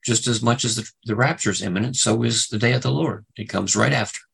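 Gravelly, husky man teaching scripture. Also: fast talker, fairly bright tone, poor audio. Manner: hesitant, many fillers and restarts; rises in pitch when stressing verses. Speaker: Bible teacher. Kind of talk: Bible study lesson.

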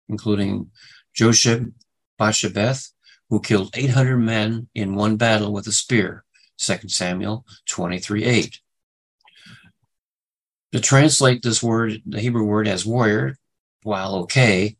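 A man gives a Bible study lecture in a low, husky, gravelly voice. He talks haltingly, with many fillers and restarts, then leans hard on single words to stress them. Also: fairly even intonation, poor audio. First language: English. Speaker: Bible teacher.

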